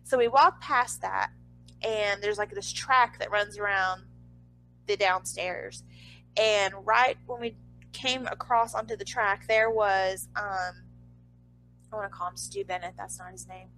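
A woman's voice: steady tone, a little slow, fairly bright tone, slight background noise, low-quality recording. A woman casually telling a personal story, chatty and full of "like", swearing now and then and acting out others' lines. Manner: acts out others' lines in a higher voice.

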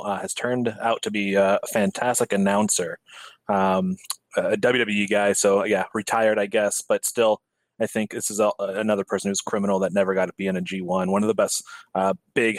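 A man's voice: lowish voice, no echo. A man on a casual podcast over a voice call, earnest and hesitant, with many fillers. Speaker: podcast panelist.

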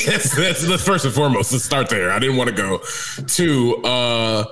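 A man's voice: medium pitch, animated, moderate pace, fairly bright tone, rough recording. A man co-hosting a podcast who laughs often and teases the others in casual chat. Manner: laughing, teasing. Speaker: podcast co-host.

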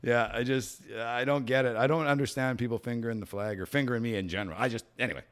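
A man's voice: medium pitch, fast talker. A Canadian man co-hosting a podcast, telling a rambling, profane story in casual chat. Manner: profane, storytelling, gets loud and excited. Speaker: podcast co-host.

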